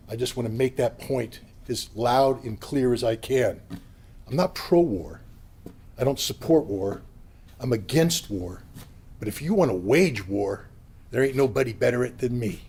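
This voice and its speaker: A man giving an impassioned, blunt political speech at a convention, sometimes rising to a yell. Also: mid-range voice, animated, unhurried, breathy edge. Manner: blunt, combative, rising to yelling. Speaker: convention speaker. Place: convention hall.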